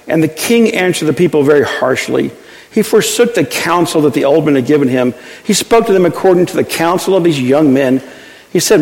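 A pastor reading scripture and preaching a sermon in a folksy, conversational storytelling manner. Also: male voice, fairly high pitch, expressive, brisk, a little mellow, in a large hall, low-quality recording.

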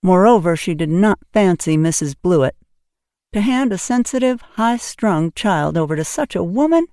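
A woman narrating an audiobook with clear, expressive reading. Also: fairly low pitch, normal speed, dry recording, studio quality. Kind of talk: scripted narration.

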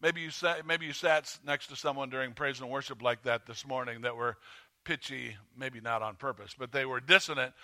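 A man preaching a sermon as pastor, conversational and halting with fillers and restarts, rising when he stirs up the congregation. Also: bright, forceful tone. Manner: rises in pitch and volume when stirring the congregation. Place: church sanctuary.

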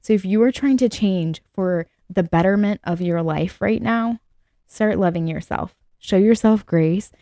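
A woman's voice: medium pitch, unhurried, dark tone, no echo, studio quality. A young adult woman hosting her own podcast, giving a casual motivational talk and filling her speech with "like" and "you guys". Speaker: podcast host.

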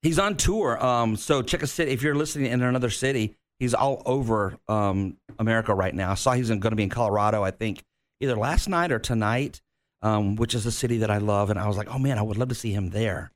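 A man's voice: fairly low pitch, fast talker. A man co-hosting a morning radio show, easygoing and conversational. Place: radio studio.

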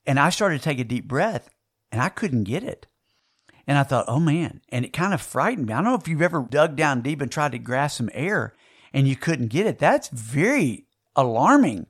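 A man, preaching a sermon and telling a personal story, with dramatic shifts in loudness and pace. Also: a little high.

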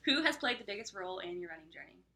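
Bright-voiced chatty young woman. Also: mid-range voice, animated. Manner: chatty, heavy use of "like", quick laughs. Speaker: podcast co-host. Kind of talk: casual chat.

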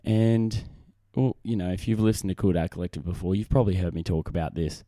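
A man's voice: low-pitched, steady tone, fairly quick, dark tone, dry recording, studio quality. A young man with an Australian accent, hosting a casual solo podcast in a rambling, self-deprecating way. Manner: rambling, self-deprecating, frequent restarts and fillers. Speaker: podcast host. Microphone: desk microphone on camera.

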